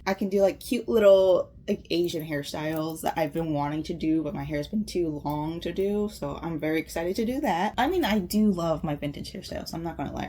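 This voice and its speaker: Young Southern-accented woman, sewing vlogger, bubbly and rambling, slightly low voice. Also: warm tone. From American South. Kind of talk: casual vlog chat.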